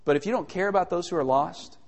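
A man preaching a sermon in a conversational, animated way, full of rhetorical questions. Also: sits high, quick pace, long reverb tail.

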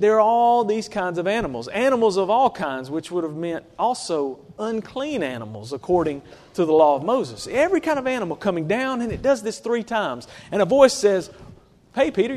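A man preaching in a church sanctuary, his voice sitting high for a man. He keeps the sermon conversational and often turns to his listeners with rhetorical questions. The sound rings with a long reverb from the big hall. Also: sing-song, moderate pace, a little mellow.

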